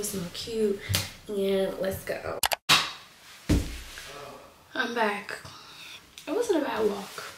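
A woman's voice: medium pitch, very noisy. A young woman, talking in a rambling, slangy, casual vlog style into her phone. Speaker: vlogger.

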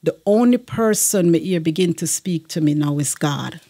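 A woman's voice: on the low side, moderate pace, warm tone, slightly rough. A woman, a guest sharing a personal testimony in an earnest manner, with frequent fillers.

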